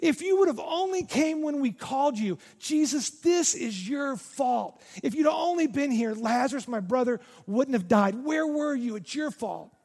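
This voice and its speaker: Brief: a man playing a grieving woman, high pleading voice, accusing, with church hall reverb. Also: lively intonation, normal speed, hardly any pauses, darkish tone, heavily acted. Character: grieving angry woman confronting her teacher.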